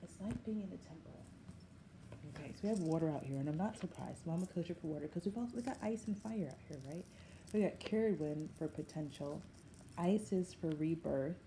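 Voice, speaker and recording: A woman's voice: deep voice, a little fast, warm tone. A woman, giving an effusive, musing spiritual tarot reading. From Southern United States. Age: 40s. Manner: musing, effusive, often calls things wild. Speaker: tarot reader. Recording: echoey room with background noise.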